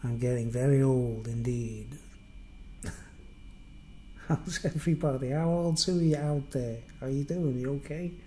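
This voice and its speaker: A middle-aged man with a softened Merseyside accent chats to his stream in a loose, rambling way, poking fun at himself between fillers. His voice is warm and dark-toned, at an ordinary pitch. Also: a little slow, pauses often, a little hiss or hum, poor audio. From Merseyside, England. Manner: rambling, self-mocking, chatty with many fillers. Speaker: live streamer. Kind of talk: casual live-stream monologue.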